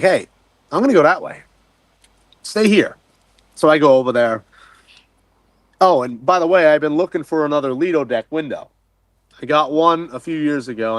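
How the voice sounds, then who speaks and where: Excitable male diver telling a story. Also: a little high, no echo. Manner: excitable, swears casually, acts out his own quotes. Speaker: wreck diver guest. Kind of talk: animated storytelling.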